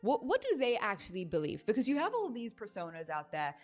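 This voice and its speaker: Female reaction host, animated and exasperated, faint music behind. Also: medium pitch, brisk. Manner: exasperated, emphatic. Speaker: livestream host. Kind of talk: casual reaction commentary.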